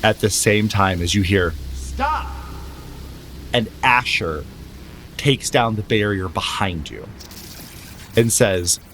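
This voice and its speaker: A man narrating a tabletop game as game master, describing scenes slowly and dramatically with pauses, then explaining rules. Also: lowish voice, fairly bright tone, slight background noise.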